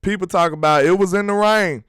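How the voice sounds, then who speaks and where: A man's voice: sits high, fairly quick, a bit bright, slight background noise. A man hosting a casual sports talk livestream, reading viewer comments and riffing on them in emphatic slang. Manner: slangy and emphatic, worked up about his team. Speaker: sports talk show host.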